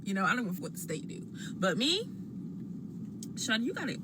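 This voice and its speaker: A woman telling what happened to her in a slangy, expressive way, talking while she eats. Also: on the high side, fairly quick, noisy background. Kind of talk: animated storytelling to a phone camera.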